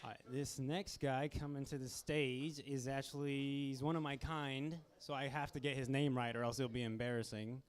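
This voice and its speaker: A man's voice: medium pitch, little pitch movement, moderate pace, few pauses, smooth. A man hosting a comedy show, introducing acts on a club stage in a casual, slightly fumbling way.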